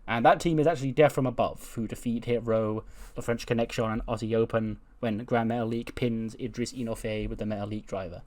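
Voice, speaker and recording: A man's voice: mid-range voice, steady tone, a little fast, few pauses, a little mellow. Chatty man narrating a game. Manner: retells scenes by voicing quoted lines in his own voice; chatty, lots of "you know". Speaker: game commentator. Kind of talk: casual narrated playthrough.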